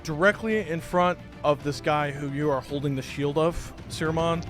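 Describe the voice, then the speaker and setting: Animated game master, fairly high voice. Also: male voice, normal speed, music in the background. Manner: animated storytelling. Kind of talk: narrating a tabletop game.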